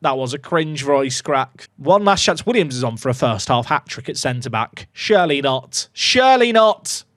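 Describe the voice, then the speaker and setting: A man commentating his own football management game, excitable and jokey, reacting loudly to goals. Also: medium pitch, moderate pace, hardly any pauses, no room sound, studio quality. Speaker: gaming YouTuber.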